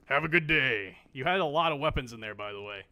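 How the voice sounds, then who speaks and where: Animated joking male game streamer. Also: mid-range voice, fast. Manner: joking, swears freely, talks to game characters. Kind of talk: casual gameplay commentary.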